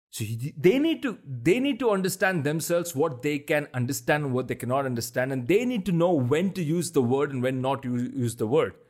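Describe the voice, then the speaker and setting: A man with a deep voice hosting a solo podcast, ranting bluntly and swearing heavily for emphasis. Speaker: podcast host. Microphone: podcast mic.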